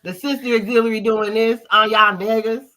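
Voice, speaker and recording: Woman host from Colorado, emphatic preacher cadence, sharp and forceful tone. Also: fairly high pitch, fairly even intonation, a little fast. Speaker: livestream host. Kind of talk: heated livestream talk.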